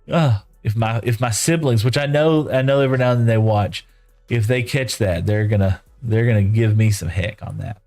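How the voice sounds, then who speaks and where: A man's voice: medium pitch, normal speed, creaky, a little mellow, soft background music. Folksy, rambling middle-aged man. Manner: folksy, rambling, lots of "you know" and "right?". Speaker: streamer. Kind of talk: casual storytelling while gaming.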